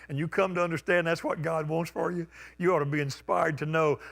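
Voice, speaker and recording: A male pastor preaching a conversational sermon, stumbling over restarts and bursting into loud call-outs. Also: a little high, steady tone, moderate pace, creaky. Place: church sanctuary.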